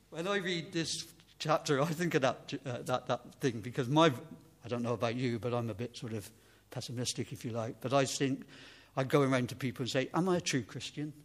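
A preacher delivers a casual, self-deprecating informal sermon, often trailing off before picking his thought back up. He has a medium-pitched voice and a brisk pace.

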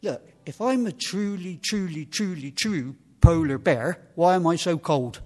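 A man's voice: on the high side, animated, unhurried, voice pushed up. A man voicing an anxious little male polar bear cub who keeps asking the same question. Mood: worried. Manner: pleading, repetitive questioning.

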